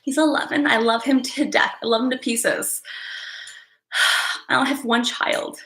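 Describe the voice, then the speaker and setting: A woman's voice: on the high side, fairly even intonation, measured pace, vocal fry, pushed and bright, roomy sound, poor audio. A woman psychic hosting a live stream, talking casually and emotionally to viewers, rambling with sighs and restarts.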